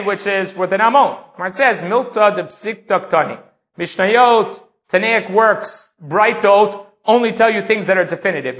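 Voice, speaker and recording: A man's voice: high-pitched, pushed and bright. A man giving a Talmud lecture, reading Aramaic lines and explaining them in English. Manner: explanatory, reads Aramaic then translates. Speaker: Talmud teacher.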